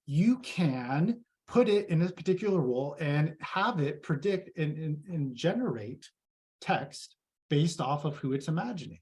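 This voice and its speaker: A man's voice: on the high side, animated, measured pace, a little mellow. A man giving a casual, chatty live tech presentation and reading audience comments aloud.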